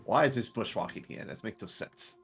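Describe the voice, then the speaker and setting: A man's voice: medium pitch, brisk, creaky, a bit bright, slight background noise. A man playing in a tabletop game, chatting casually in a playful, offhand way. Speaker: player.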